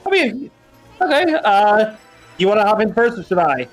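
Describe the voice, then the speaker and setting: A man's voice: sits high, very animated, moderate pace, soft background music. A man chatting casually with a friend on a voice call, laid-back and wry. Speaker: friend on the stream.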